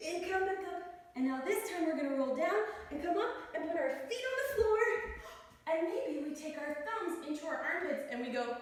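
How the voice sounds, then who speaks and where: A woman's voice: sits high, animated, moderate pace, heavy reverb, recorded from a distance, faint music behind. A woman guiding a children's yoga class, playful and encouraging as she demonstrates poses. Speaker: kids yoga teacher.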